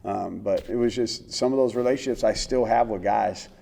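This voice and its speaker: Earnest, mellow-voiced middle-aged man. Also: on the low side, normal speed, creaky. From United States. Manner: earnest, animated storyteller with many fillers. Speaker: former NFL quarterback, interview guest. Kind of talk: storytelling in a sit-down interview.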